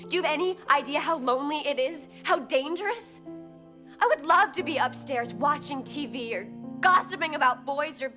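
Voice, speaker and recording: An actress playing a defiant teenage girl vampire slayer, tense and pleading. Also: high-pitched.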